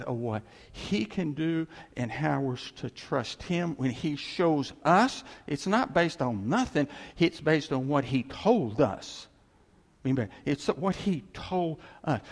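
A man preaching a sermon in an animated way, swinging from loud emphasis to hushed asides and laughing at his own jokes. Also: medium pitch, gravelly. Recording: long hall reverb.

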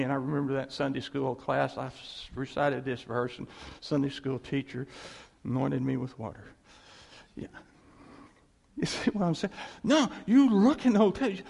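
A man's voice: fairly high pitch, very animated, moderate pace, vocal fry, darkish tone. A man preaching an informal sermon in a folksy way, repeating his points and chuckling between phrases.

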